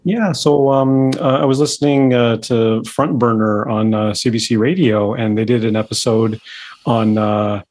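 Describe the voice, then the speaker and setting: A man's voice: medium pitch, steady tone, moderate pace, darkish tone. A man co-hosting a radio chat, talking in a chatty, hesitant way full of fillers. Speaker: co-host. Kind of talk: casual chat.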